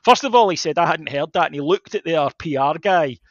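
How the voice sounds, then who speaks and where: A man chatting on a football podcast, his voice sitting a little high. He tells stories animatedly and slips into the voices of the people he quotes. The mic sounds dry and slightly muffled. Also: fairly quick, no room sound. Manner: animated storytelling, acts out quotes. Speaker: podcast co-host, football journalist. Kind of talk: casual podcast chat.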